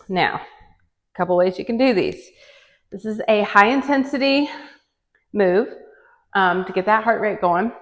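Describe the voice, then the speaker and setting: A woman leading a home workout, chatty and encouraging, counting reps and sometimes out of breath. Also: medium pitch. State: out of breath at times. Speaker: fitness instructor. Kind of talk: guided home workout coaching. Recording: long reverb, echoey room.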